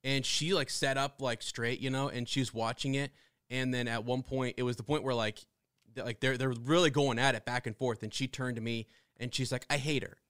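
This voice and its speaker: A man co-hosting a podcast, telling stories with excited, animated energy and frequent restarts. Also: medium pitch, brisk, clean tone, no room sound, studio quality. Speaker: podcast co-host. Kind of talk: casual fan discussion.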